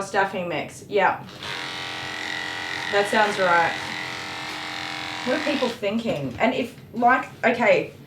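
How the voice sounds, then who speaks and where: A woman, a dog groomer chatting casually while she grooms, getting passionate and worked up as she talks, with mild swearing. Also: medium pitch. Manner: passionate, ranting, swears mildly. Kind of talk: casual chat while grooming on a live stream. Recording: echoey room with electric clipper noise.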